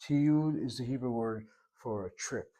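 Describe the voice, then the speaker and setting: Male teacher, mid-range voice, patient explainer who repeats each word slowly. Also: medium pitch, mellow. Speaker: Hebrew teacher. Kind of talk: recorded language lesson.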